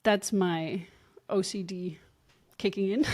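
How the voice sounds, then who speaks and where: Podcast co-host, woman of middle pitch, earnest and instructive. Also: expressive, slow pace. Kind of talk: podcast explanation.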